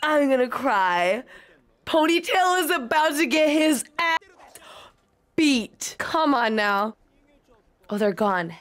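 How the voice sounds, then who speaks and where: A woman's voice: sits high, expressive, slow pace, long pauses, a bit bright. A young woman reacting live to an anime episode, gasping, swearing and pleading at the screen.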